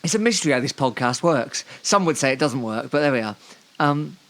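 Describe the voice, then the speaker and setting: A man's voice: medium pitch, expressive, fairly quick, fairly bright tone. A man from Devon co-hosting a casual football podcast, rambling through the news with dry, joking asides. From Devon, England. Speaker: podcast co-host.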